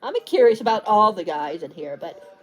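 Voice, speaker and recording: A woman's voice: medium pitch, expressive, normal speed. A woman book vlogger talking in a casual, rambling way, tripping over words and restarting sentences. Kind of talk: casual chat.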